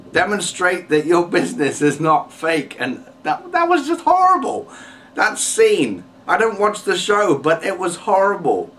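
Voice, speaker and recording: A man's voice: fairly high pitch, fairly bright tone, far from the mic. A man ranting casually to camera, exasperated and rambling, with lots of fillers and restarts. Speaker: vlogger.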